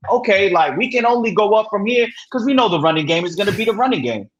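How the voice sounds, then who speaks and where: Man, slightly high voice, relaxed sports chat, muffled lo-fi sound. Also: fast talker. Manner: relaxed, repeats filler phrases. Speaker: podcast co-host. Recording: dull lo-fi sound.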